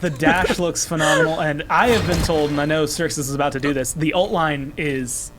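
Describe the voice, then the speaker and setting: Excited man hosting a live stream. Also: fairly high pitch, a little fast. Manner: enthusiastic, many "like" fillers. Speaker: livestream host. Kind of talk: casual live-stream chat. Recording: loud background noise.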